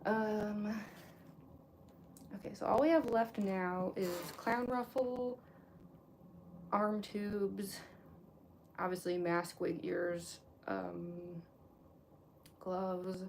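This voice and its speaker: A woman's voice: medium pitch, fairly even intonation, very slow, creaky, pauses often, a little hiss or hum. A young woman chatting casually while she gets into costume, rambling with lots of fillers and restarts, and later talking with a slight lisp from costume teeth. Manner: rambling, many fillers and restarts, chuckles often. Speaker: cosplayer livestream host.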